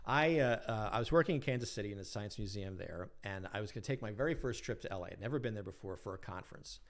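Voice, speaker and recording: Middle-aged guy telling a travel story on a podcast, lowish voice, laughs a lot, does little voices for the people in it. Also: fast. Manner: animated, laughs often, acts out voices in his stories. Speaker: podcast guest, physicist. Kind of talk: casual storytelling.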